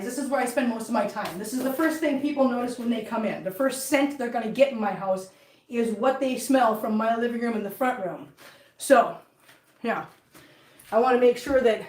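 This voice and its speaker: Breathless high-voiced woman mopping. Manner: chatty, coaxing pets in a soft voice. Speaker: cat vlogger. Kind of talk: casual live-stream chat while cleaning. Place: home living room. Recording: roomy, distant from the mic.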